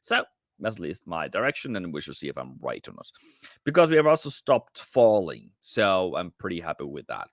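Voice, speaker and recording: Man, low voice, very lively pitch, casual live-stream chat, talks straight to viewers, dry close sound. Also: normal speed, dry recording. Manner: chatty, addresses viewers directly, many restarts; calls viewers mate and brother. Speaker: forex trading streamer.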